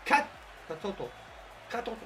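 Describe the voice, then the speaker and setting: A young man chatting casually to viewers while streaming a football video game, rambling and swearing with excited bursts. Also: moderate pace, slight background noise. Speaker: gaming livestreamer. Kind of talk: casual livestream chat with viewers.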